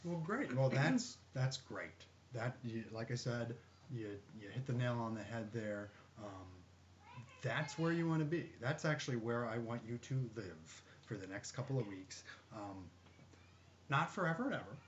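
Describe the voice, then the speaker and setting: A man working as a voice therapist, calmly explaining a session with many fillers. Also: mid-range voice, a little slow. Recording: dull lo-fi with faint noise.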